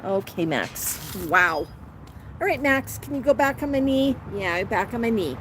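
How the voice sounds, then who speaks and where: Chatty woman livestreaming outdoors, high voice. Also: lively intonation, measured pace, background noise. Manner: chatty, talks to her bird and viewers in turn. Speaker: parrot channel host. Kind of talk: casual livestream chat. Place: outdoor patio.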